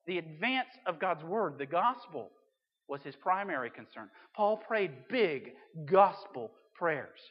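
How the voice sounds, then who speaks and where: A pastor preaching a sermon in a conversational way, with emphatic swings between loud and quiet. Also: male voice, high voice. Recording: dull sound with long hall reverb.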